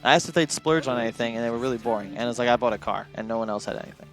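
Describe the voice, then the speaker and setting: A man's voice: medium pitch, very fast, a bit bright, soft background music. Opinionated male esports analyst. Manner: opinionated, casual. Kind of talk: panel discussion.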